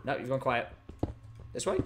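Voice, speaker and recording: A young man commentating his gameplay live. He is excitable, talks to the creatures in the game, and breaks into sudden loud outbursts. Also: mid-range voice, normal speed, noisy background. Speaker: gaming video host.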